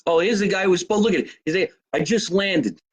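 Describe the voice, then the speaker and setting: A man's voice: sits high, quick pace, husky. A man hosting a casual live podcast, joking loosely and reading viewer comments aloud. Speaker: podcast host. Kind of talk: casual live show chat. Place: basement at home.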